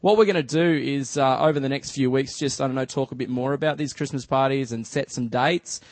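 An Australian man giving a church talk as a relaxed, chatty story, full of fillers like "just" and "you know". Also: medium pitch, a little fast, dry recording. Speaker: church speaker. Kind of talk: casual storytelling sermon.

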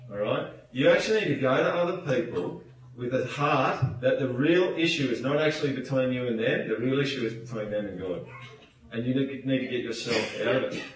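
In a church hall, a man preaches a lively, playful sermon in a brisk, mid-range voice, slipping into put-on voices to act out what people say. The large hall is echoey, and he sounds set back from the microphone.

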